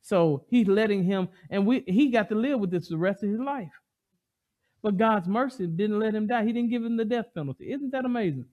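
A high-voiced man preaches with emphatic, animated delivery. He throws questions out to the congregation and answers them himself in call-and-response. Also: fairly quick, lo-fi sound. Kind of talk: sermon.

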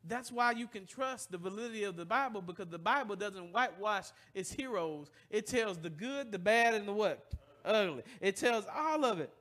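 A male pastor preaches in a church with a high, bright, ringing voice. He is animated and playful, and keeps tossing call-and-response questions to the congregation. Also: moderate pace. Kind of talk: sermon.

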